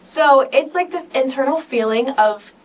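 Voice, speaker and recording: A teenage girl co-hosting a podcast speaks in a high, unhurried voice, recorded poorly on a distant mic. She tells personal stories casually, rambling and emotional, saying "like" over and over.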